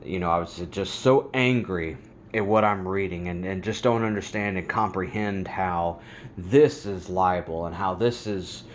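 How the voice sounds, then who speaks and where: A man's voice: low-pitched, a little slow, slight background noise. A man hosting a religious commentary vlog, talking in an angry, fired-up rant. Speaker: host.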